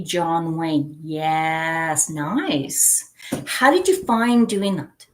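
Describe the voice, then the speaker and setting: Slow, chatty woman hosting a livestream. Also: deep voice, expressive. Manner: chatty, giggly, reads viewer comments aloud. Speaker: livestream host. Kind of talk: casual chat with live viewers.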